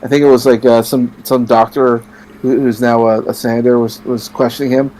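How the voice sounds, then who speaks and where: Canadian male co-host, halting, restarts a lot, faint hiss. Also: mid-range voice, flat delivery, warm tone, low-quality recording. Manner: halting, many restarts, quick bursts. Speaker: podcast co-host. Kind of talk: casual chat.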